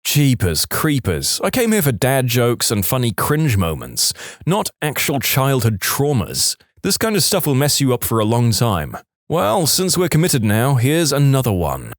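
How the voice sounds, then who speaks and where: A man reading submitted stories aloud in an animated storytelling manner on a close studio mic. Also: medium pitch, unhurried, dry recording. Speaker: story narrator.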